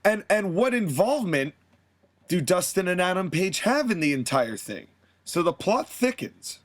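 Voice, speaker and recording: A man hosting a podcast, narrating a wrestling fantasy booking story in an animated way. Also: high-pitched, moderate pace. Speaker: podcast host.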